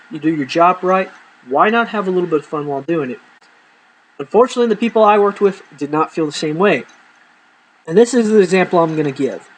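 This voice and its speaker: A man casually telling profane, animated stories from his life to camera, acting out the people in them. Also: high voice, slight background noise, rough recording.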